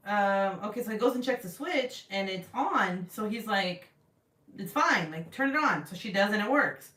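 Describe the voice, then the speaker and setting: A woman in her thirties hosting a livestream, telling animated, profane family stories and reading out viewer comments in casual chat. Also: mid-range voice, normal speed. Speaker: livestream host. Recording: roomy, distant from the mic.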